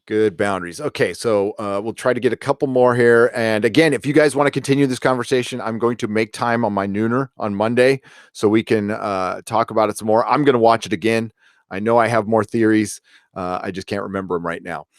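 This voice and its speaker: A man hosting a casual live stream, reviewing an episode and reading out viewer comments in a rambling, relaxed way. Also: fairly low pitch, fairly quick, no room sound, studio quality. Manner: rambling and relaxed, many fillers and restarts.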